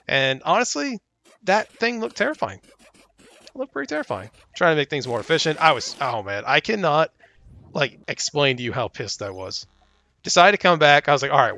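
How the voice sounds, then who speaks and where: A young man talks over his own gameplay from a home desk mic, excitable and quick to get exasperated. His voice sits a little high and comes across bright and forceful, jumping up when he pleads with the screen. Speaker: gaming YouTuber. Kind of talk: casual gameplay commentary.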